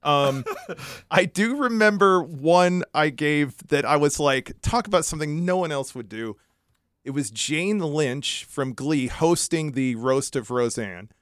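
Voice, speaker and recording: Brief: male comedy-writer guest, crisp bright voice, quick to laugh mid-story, slightly high for a man. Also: dry recording, clean studio sound. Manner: animated, laughs often while telling stories. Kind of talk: anecdotal interview storytelling.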